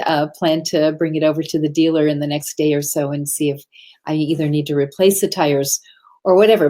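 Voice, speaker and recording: Middle-aged woman, casual motivational talk, earnest, meandering storyteller, slightly low voice. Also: darkish tone. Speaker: speaker on love and self-expression.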